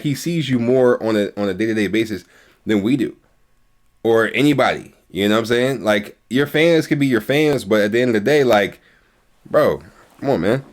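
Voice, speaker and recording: A man's voice: medium pitch, darkish tone. A man giving casual reaction commentary, agreeing often and speaking in loose slang with restarts. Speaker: YouTube reaction host.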